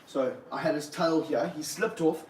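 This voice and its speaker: A man keeping snakes, talking through a live stream as he handles one, with excited bursts and low muttered asides. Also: moderate pace. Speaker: snake keeper. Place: room of snake enclosures, indoors. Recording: roomy, from a distance, faint background hum.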